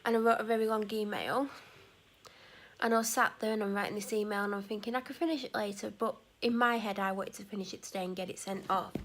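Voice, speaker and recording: A woman's voice: mid-range voice, fairly even intonation, quick pace, fairly bright tone. A tired woman vlogging in casual, meandering chat, correcting herself and sometimes dropping almost to a whisper. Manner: meandering, self-correcting, drops to near-whispers at times. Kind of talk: casual rambling vlog chat.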